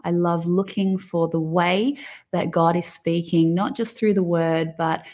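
A woman's voice: lowish voice, steady tone, unhurried, darkish tone. A woman with an Australian accent co-hosting a faith podcast, speaking earnestly and from the heart. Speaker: podcast co-host. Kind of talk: casual faith podcast chat.

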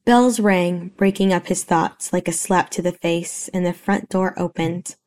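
A woman narrating a romance story in a steady, even reading voice. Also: lowish voice, unhurried.

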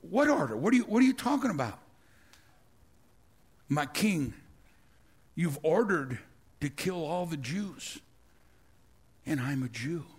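A man voicing a calm, resolute young queen, dropping his voice low and soft and speaking quickly. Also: slightly rough, exaggerated voice.

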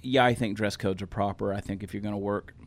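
A man's voice: fairly low pitch, fairly even intonation, quick pace, no echo. A man co-hosting a podcast, chatting in a folksy, joking way with frequent restarts. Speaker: podcast co-host. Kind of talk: casual chat.

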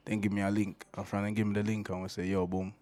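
A man's voice: fairly low pitch, little pitch movement, fast talker, darkish tone. A man, a guest musician talking casually about his music, laid-back and often adding "you see me". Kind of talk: casual interview chat.

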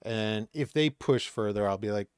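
Animated storytelling man, low voice. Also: moderate pace, clear, resonant tone, no echo, studio quality. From Maine, USA. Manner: animated, acts out quoted voices in anecdotes. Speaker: podcast guest, comedian. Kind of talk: casual storytelling chat.

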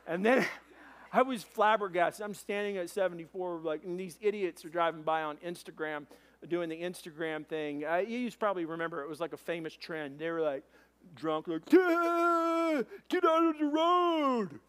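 A man preaching a sermon as pastor, telling a story in an animated way with quoted voices. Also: fairly high pitch, brisk.

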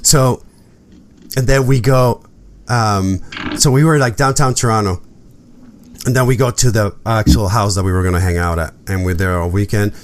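A man's voice: fairly low pitch, normal speed, a little hiss or hum. A man hosting a podcast, telling a personal story in casual chat, acting out quotes and swearing freely. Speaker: podcast host.

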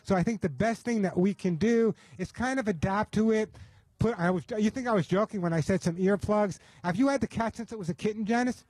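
A man's voice: high voice, fairly quick, a little mellow, dry recording. A man hosting a radio call-in show, giving advice in a chatty, folksy way and often repeating his words.

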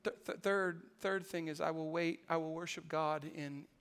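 A man preaching a sermon in a conversational way, with stammered restarts, building to loud emphatic climaxes. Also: on the high side, steady tone, normal speed, clean tone, in a large hall. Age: adult. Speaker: pastor.

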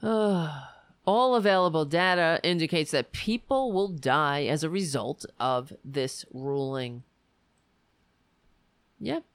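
A woman's voice: low-pitched, animated, takes it slowly, no echo. A woman delivering an angry political rant in an indignant, profane, emphatic way.

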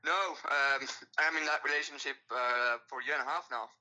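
Bright-voiced French man in his twenties. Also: medium pitch, steady tone, low-quality recording. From France. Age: 20s. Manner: chatty, quick to laugh. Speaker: guest. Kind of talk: casual interview chat.

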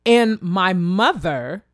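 A woman from Kansas telling a personal story in a casual, animated way, acting out other people's voices. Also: dry recording, studio quality. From Wichita, Kansas, USA. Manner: animated, acts out quoted voices in a high pitch; addresses listeners directly and casually.

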